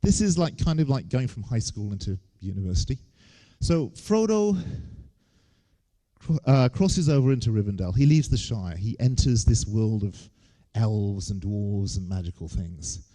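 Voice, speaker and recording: A man's voice: on the low side, expressive, moderate pace, dark tone. A man, giving a humorous lecture on stage with wry, joking asides. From England.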